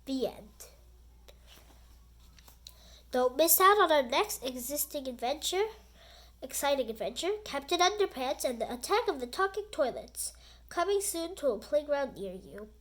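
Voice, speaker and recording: A woman reading a children's book aloud in an animated, expressive storytelling voice. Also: high-pitched, measured pace, pauses often.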